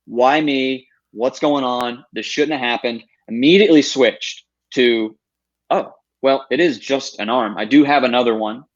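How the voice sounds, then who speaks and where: A man's voice: mid-range voice, measured pace. Earnest man in his thirties, lo-fi sound. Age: 30s. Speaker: guest. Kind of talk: podcast interview storytelling.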